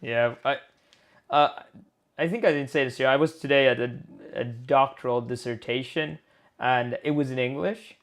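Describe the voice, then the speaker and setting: A man's voice: medium pitch, fairly even intonation, moderate pace. A man co-hosting a live game design stream, chatting in a rambling, playful way and searching for words aloud. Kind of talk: casual chat.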